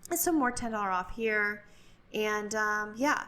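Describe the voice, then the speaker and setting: Walking through a large retail store indoors, a woman records a casual vlog on a handheld phone, chatty and gushing with lots of fillers. Her medium-pitched voice has a sharp tone and a measured pace.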